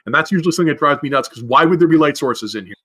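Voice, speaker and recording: A man's voice: fairly high pitch, expressive, rapid-fire, a bit bright. A man co-hosting a podcast about game design, talking casually in long rambling runs with frequent restarts and fillers. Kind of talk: casual discussion.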